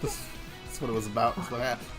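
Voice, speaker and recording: A man's voice: mid-range voice, animated, quick pace, a bit bright, faint music behind. A man on a game developer's stream, chatting casually and goofing around in silly voices. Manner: goofy, rambling, slips into silly put-on voices.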